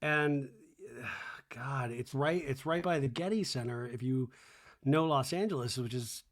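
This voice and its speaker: A man's voice: medium pitch, a little slow. A man hosting a casual recap podcast, chatty, sarcastic and profane. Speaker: podcast host recapping a reality show. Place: home in Los Angeles.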